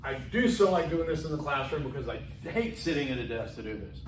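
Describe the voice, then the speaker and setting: A middle-aged man giving a college lecture in a classroom, loud and animated, with chatty asides and repetitions. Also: a little high, fast, distant mic, slight background noise. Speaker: college instructor. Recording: echoey room.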